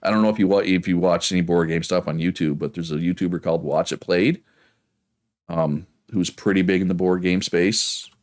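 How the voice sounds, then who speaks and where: A man with a Prince Edward Island accent rambles casually through a game stream, reading chat as he goes. His voice sits low and deep. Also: steady tone, fairly quick, darkish tone. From Prince Edward Island, Canada. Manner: rambling, chatty, reads chat aloud.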